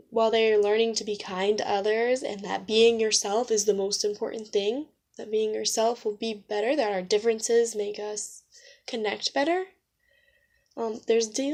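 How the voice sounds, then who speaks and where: A woman teacher reads a picture book aloud and then reflects on the lesson, speaking gently and inquisitively with quiet asides. Her voice is on the high side and has vocal fry.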